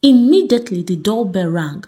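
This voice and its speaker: A woman's voice: mid-range voice, lively intonation, moderate pace, dark tone. A woman, narrating a story aloud expressively.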